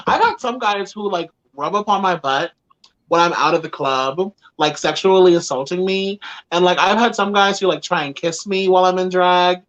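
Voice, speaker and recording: A man's voice: high-pitched, lively intonation, moderate pace, a bit bright, lo-fi sound. A man, a drag queen co-host, rambling and giggling emphatically in casual chat.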